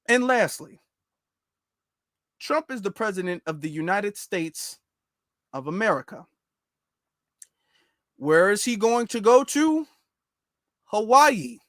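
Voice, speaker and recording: A man's voice: high-pitched, expressive, a little slow, long pauses, fairly bright tone, no echo, studio quality. A man hosting a livestreamed reaction commentary show, sarcastic and repeating his rhetorical questions.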